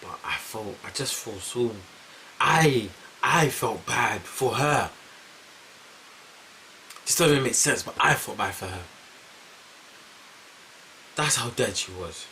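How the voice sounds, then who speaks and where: A young man with a London accent tells a casual storytime, talking at an everyday pitch. He gets animated, repeats his phrases for effect, and leans hard on slang. A faint hiss sits under his voice. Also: slow pace, pauses often, poor audio. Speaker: vlogger.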